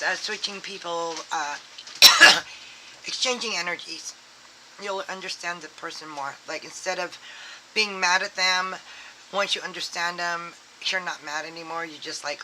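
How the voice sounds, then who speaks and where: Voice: medium pitch, bright, forceful tone, slight background noise, low-quality recording. A tarot reader giving a casual, rambling reading full of fillers and acted-out quotes. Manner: rambling and filler-heavy, acts out quoted thoughts.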